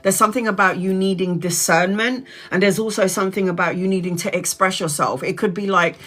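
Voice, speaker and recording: A woman's voice: medium pitch, fairly even intonation, fairly quick, fairly bright tone. Chatty, blunt tarot reader woman. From Brazil. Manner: chatty, blunt, swears casually. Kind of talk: live-stream tarot reading.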